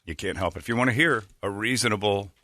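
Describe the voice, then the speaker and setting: A man's voice: fairly low pitch, fast talker, pushed and bright, no room sound. A man hosting a morning radio show, bantering casually with a joking, irreverent manner and laughing at his own stories, into a studio mic. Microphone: studio broadcast mic.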